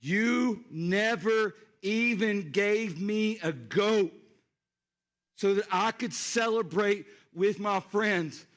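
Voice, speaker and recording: A male pastor playing a bitter, indignant older brother who shouts his accusations at his father. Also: sits high, heavily acted. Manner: shouting, accusing, drawn-out emphasis.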